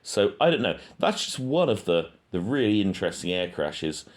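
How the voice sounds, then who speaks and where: A man's voice: on the low side, very animated, moderate pace. A man hosting his own channel, talking through his thoughts in a casual monologue, hesitant and full of ums. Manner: hesitant, thinking aloud with frequent ums. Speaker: true-crime channel host.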